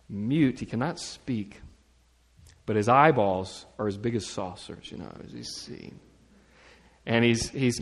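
A man preaching a sermon as pastor, talking in a casual, lively way with asides and humor. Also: medium pitch, in a large hall.

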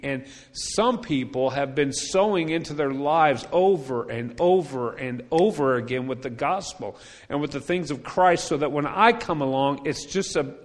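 A man preaching a sermon as a pastor, telling a personal story in a chatty way and repeating his key points for emphasis. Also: fairly high pitch. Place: church sanctuary. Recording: long church hall reverb.

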